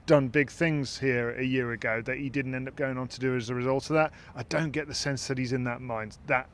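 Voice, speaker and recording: A podcast host talks through things in a casual, thoughtful discussion, his medium-pitched voice steady and fairly quick. He often restarts sentences and repeats words while searching for phrasing, over a little hiss or hum.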